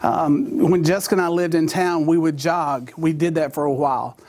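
A man's voice: fairly high pitch, steady tone, moderate pace, a little mellow. A man preaching a sermon, telling a funny personal story and laughing at his own jokes.

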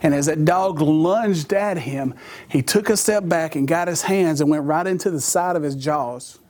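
A man's voice: fairly high pitch, normal speed, a little mellow. A man preaching a sermon, telling a funny personal story and laughing at his own jokes.

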